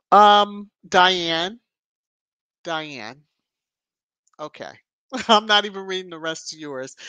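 A woman hosting a casual livestream, chatting and greeting viewers by name with lively rises in her voice. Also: lowish voice, no room sound. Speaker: livestream host. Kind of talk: casual live chat reading viewer comments.

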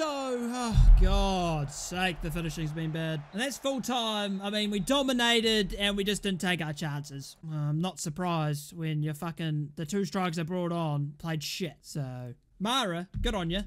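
Young male gaming YouTuber, high-pitched, casual sweary commentary, easily exasperated. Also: expressive, measured pace, few pauses. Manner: sweary, exasperated, shouts at chances.

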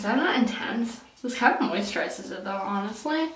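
A woman's voice: fairly high pitch, expressive, unhurried, recorded from a distance, a little hiss or hum. Young woman vlogger, rambling casual chat, roomy echo, voice off-mic. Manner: chatty, lots of "like" and "um", breaks off mid-sentence. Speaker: beauty vlogger.

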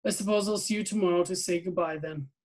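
A sad young boy with quiet, sorrowful replies, speaking in a read-aloud novel, as a man gives him voice. His voice sits a little on the high side. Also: steady tone, fast talker. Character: sad, thin young boy behind a fence.

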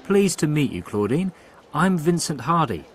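A man voicing a polite male accountant in a textbook listening dialogue, clear and careful. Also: a little high, sing-song, normal speed, faint music behind.

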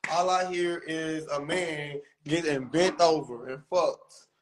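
Young man, high-pitched, profane comedic rant with over-the-top mocking bits. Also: steady tone, takes it slowly, rough recording. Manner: profane, exaggerated ranting, mocking falsetto impressions.

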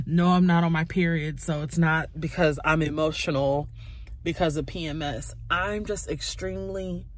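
A woman in her twenties, tearful from crying, talking haltingly and candidly into her phone in a confessional vlog. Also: sits low, fairly even intonation. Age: 20s. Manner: halting, raw and candid, many pauses. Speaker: YouTuber.

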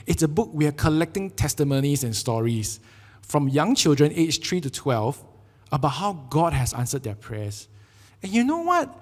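Animated Singaporean pastor in a reverberant hall. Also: male voice, a little high, normal speed. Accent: Singaporean English. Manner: animated, jokey storytelling with acted quotes. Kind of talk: sermon. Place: church sanctuary.

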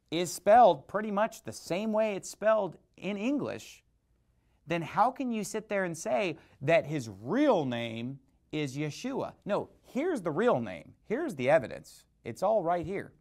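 A male pastor preaching a sermon emphatically, asking and answering rhetorical questions. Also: mid-range voice.

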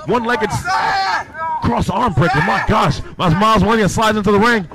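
A man calling a live wrestling match play by play, excitable and often shouting. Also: sits high, normal speed, a loud crowd. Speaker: wrestling commentator. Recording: loud background noise.

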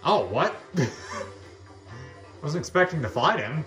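A man's voice: fairly high pitch, big pitch swings, takes it slowly, fairly bright tone, reverberant, faint music behind. A man giving casual gameplay commentary, giggling and making fun of his own skills. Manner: giggly, self-deprecating chatter. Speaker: let's play host.

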